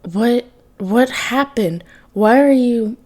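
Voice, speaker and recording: A woman voicing an injured father who speaks weakly and softly, comforting his son. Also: medium pitch, slow. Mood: shaken. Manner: soft, weak, comforting. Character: injured father, weak and gentle.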